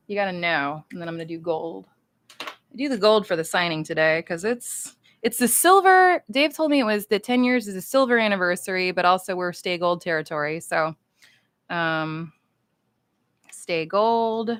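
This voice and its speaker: Her voice sits lowish with a slight brightness, recorded without echo. She is a voice actress on a livestream, signing cards and rambling cheerfully while she writes, keeping the chat casual and playful.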